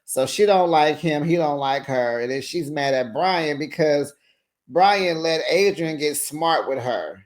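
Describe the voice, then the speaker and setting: A man's voice: on the high side, a little slow. A tired man giving a casual, sassy recap of a reality show, chatting to his viewers with slangy asides.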